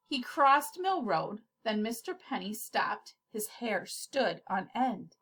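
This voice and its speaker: Slow, expressive woman reading aloud. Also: a little high. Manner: expressive, giggly when slipping up. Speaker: storybook reader. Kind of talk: children's story read-aloud.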